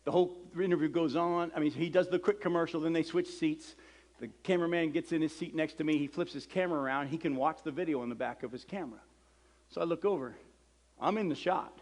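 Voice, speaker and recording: A middle-aged man, a preacher, telling a story in a sermon and acting out the dialogue with lively energy. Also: a little high, fast talker. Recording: long hall reverb.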